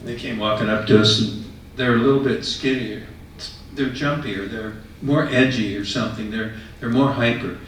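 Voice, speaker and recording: A man telling a personal story to an audience in a conversational, animated way. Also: medium pitch, a little hiss or hum. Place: retirement residence common room. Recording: echoey room, mic far off.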